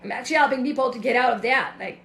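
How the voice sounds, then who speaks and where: A woman's voice: fairly high pitch, very fast, fairly bright tone, roomy sound. A woman, a self-love and mindset coach, talking casually and emphatically to her online audience. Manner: emphatic, acts out other people's voices.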